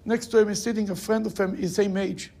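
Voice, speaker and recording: A man's voice: sits high, fairly even intonation, brisk, warm tone. A man teaching a Torah class, emphatic, repeating phrases to drive his points home and telling stories. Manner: acts out quoted people in raised voices.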